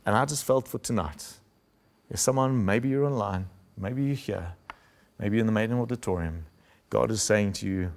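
Man preaching an animated sermon. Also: normal speed. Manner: storytelling, acts out quotes with shifts in pitch and loudness. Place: church.

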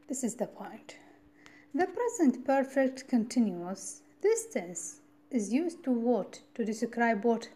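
Woman from iraq teaching grammar, slightly high voice, keeps asking "what?" and repeating the point. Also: mellow. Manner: explains step by step, asking rhetorical "what?" questions. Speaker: university English grammar lecturer. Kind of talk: recorded classroom lecture.

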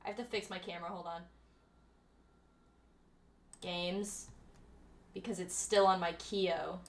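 Slow-talking, profane young woman streamer. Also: on the low side, steady tone. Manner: loose and profane, talking to chat while fixing her setup. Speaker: live streamer. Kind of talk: casual live-stream chat with viewers. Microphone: streaming microphone.

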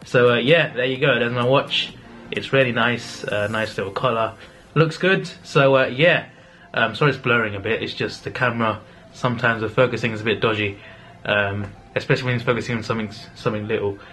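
A man's voice: mid-range voice, fairly quick, pushed and bright, faint music behind. Chatty young man vlogging. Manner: chatty, pleading and groaning at a draw. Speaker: YouTuber. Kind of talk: casual vlog and live reaction.

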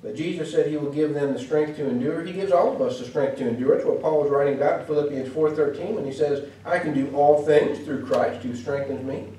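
A man's voice: on the high side, brisk, few pauses, mellow, slight background noise. A man preaching a sermon in a church, earnest and explanatory, with fillers and restarts. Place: church hall. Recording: echoey church hall, mic from far off.

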